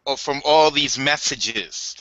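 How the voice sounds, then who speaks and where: A man hosts a livestream in a loose, slangy way and fills his talk with "um" and "like". His voice is very bright and forceful, at a middle pitch. The audio is dry and somewhat lo-fi. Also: slow pace, no room sound. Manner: loose and slangy, with many fillers. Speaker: host. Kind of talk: casual livestream hosting.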